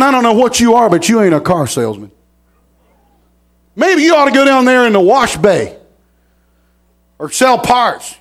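Middle-aged preacher guy, real high voice, folksy, stumbles and repeats, gets loud. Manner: folksy, repeats words, rising to shouts. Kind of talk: sermon storytelling.

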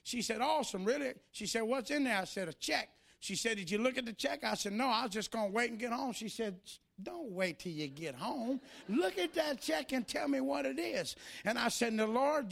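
A male preacher giving a sermon in church, moving between shouted, sing-song preaching and quieter, folksy storytelling. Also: very high-pitched, vocal fry.

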